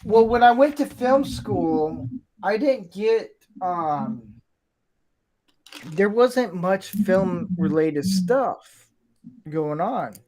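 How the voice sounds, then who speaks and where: A man's voice: sits high, animated, very slow, long pauses, darkish tone, slight background noise, low-quality recording. A man hosting a casual build stream, telling a rambling story with frequent swearing. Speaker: streamer building a brick toy set. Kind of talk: casual chat while building.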